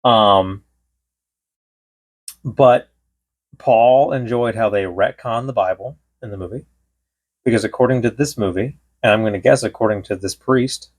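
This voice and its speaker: Rambling, low-voiced male podcast co-host. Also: a little slow, long pauses, slightly rough. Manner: rambling storyteller, quotes people in bits. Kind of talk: casual chat.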